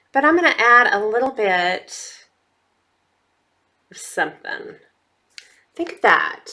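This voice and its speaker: Talking directly to her viewers, whom she calls y'all, a beauty vlogger chats casually through a makeup tutorial. Her voice is a little high with a sharp tone.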